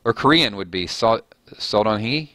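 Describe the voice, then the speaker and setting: Bright-voiced rambling stream host man. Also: fairly low pitch, lively intonation, moderate pace, no echo. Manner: rambling, self-deprecating, laughs at his own jokes. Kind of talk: casual live-stream chat.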